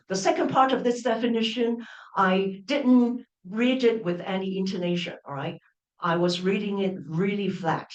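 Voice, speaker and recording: A university lecturer with a mid-range voice gives an academic lecture at an open day, sounding hesitant with many fillers and restarts. She keeps checking in with the audience, asking "all right?". The lecture room is echoey and her voice comes from a distance.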